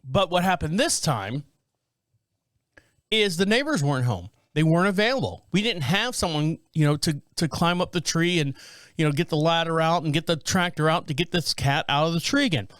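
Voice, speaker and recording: A man's voice: on the high side, normal speed, dry recording. A man in his thirties hosting a podcast, telling a rambling story in a casual, conversational way. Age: 30s. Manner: rambling, conversational, with animated quoted voices. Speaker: podcast host. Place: home studio near Charlotte.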